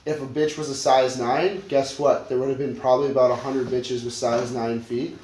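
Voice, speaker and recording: A man's voice: mid-range voice, flat delivery, normal speed, darkish tone, slight background noise. A man co-hosting a podcast who gives blunt, sarcastic, profane opinions in casual chat. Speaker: podcast co-host. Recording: echoey room with faint ambience.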